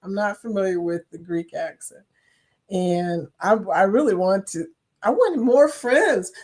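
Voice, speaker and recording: A woman's voice: medium pitch, lively intonation, unhurried, a little mellow. A middle-aged woman hosting a casual live chat, reading viewer comments aloud, chatty and silly and laughing often. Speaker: livestream host.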